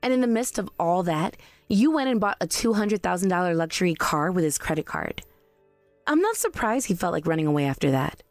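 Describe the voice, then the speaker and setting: A woman's voice: on the low side, sing-song, brisk, no echo, soft background music. A woman voicing a cold, blunt young wife who speaks in a cool, cutting, sarcastic way. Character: cold, blunt young wife confronting her mother-in-law. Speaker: daughter-in-law.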